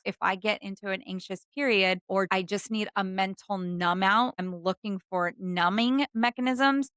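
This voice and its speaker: Woman podcast host, mid pitch, gentle and earnest, faith-based wellness talk, dry close mic. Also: clear, resonant tone, dry recording. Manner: earnest, gentle, repeats phrases for emphasis.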